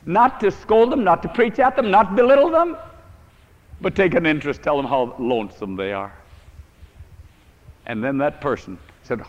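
A man's voice: on the high side, expressive, moderate pace, pauses often. A man preaching a sermon to a congregation, telling stories and acting out the prayers of people he met. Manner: storytelling, acts out prayers, earnest. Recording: dull old recording in a reverberant hall.

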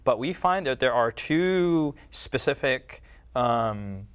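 A man's voice: medium pitch, lively intonation, slow pace, smooth. Rambling man hosting a faith talk. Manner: thinking aloud, many fillers and restarts. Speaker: podcast host. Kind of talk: casual religious discussion.

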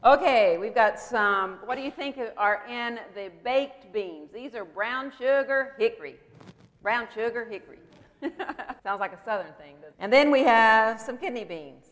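A woman's voice: fairly high pitch, expressive, moderate pace, a bit bright. Woman co-presenter, explanatory, questions to the audience, hall reverb. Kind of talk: demonstrating food labels.

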